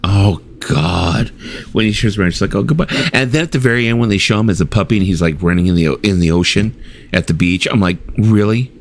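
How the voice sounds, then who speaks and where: A man's voice: low-pitched, fast. A middle-aged man hosting a casual late-night chat stream, swearing freely and acting out his own reactions as he tells stories. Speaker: stream host.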